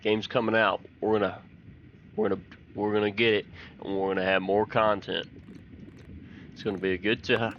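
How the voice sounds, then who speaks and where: A gaming channel host from Texas gives folksy, chatty commentary on a fishing game, swapping fishing stories and getting excited when fish bite. His fairly low voice keeps a moderate pace with long pauses, and the audio is dull with slight background noise.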